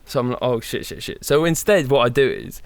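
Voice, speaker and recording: A young man co-hosting a podcast, telling a long story in an animated way, swearing a lot and acting out his own panic. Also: medium pitch, brisk, gravelly, smooth, no echo. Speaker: podcast co-host. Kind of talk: casual storytelling.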